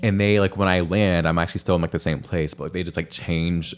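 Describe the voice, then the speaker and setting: A man with a very low voice telling a playful, rambling story in a loose podcast chat. He leans on fillers and drifts into softer asides. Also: steady tone, fast, slight background noise. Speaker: podcast guest. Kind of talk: casual chat.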